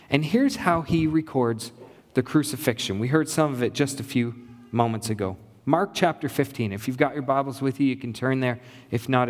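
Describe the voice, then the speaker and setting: A man's voice: medium pitch, in a large hall. A man preaching a sermon as pastor, earnest and building his points through repetition.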